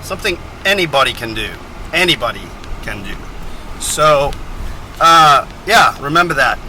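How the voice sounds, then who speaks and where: A man's voice: a little high, expressive, moderate pace, bright, forceful tone, a little hiss or hum, rough recording. A man from Texas chatting in a casual, rambling travel vlog, drifting between topics and correcting himself as he goes, recorded on the road in a car. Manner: chatty, digressive, self-correcting. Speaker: vlogger.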